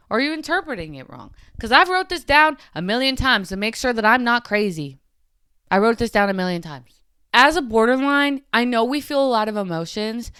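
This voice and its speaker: A woman's voice: mid-range voice, a bit bright, clean tone, no echo, clean studio sound. A woman hosting her own podcast, talking candidly to her camera in an earnest, emotional way, with many "like" fillers and trailing restarts. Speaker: podcast host. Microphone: camera mic.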